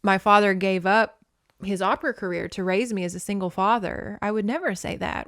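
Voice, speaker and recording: Young woman podcast host, frank and opinionated, smooth clear voice, dry close sound. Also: medium pitch, fairly even intonation, fairly quick, a bit bright, no echo. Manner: candid, opinionated, swears freely. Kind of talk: casual book recap.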